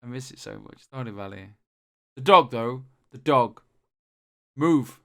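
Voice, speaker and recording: A young man co-hosts a podcast, chatting casually and rambling with lots of fillers and restarts. His voice is medium in pitch, gravelly and a bit bright, and he speaks at a moderate pace.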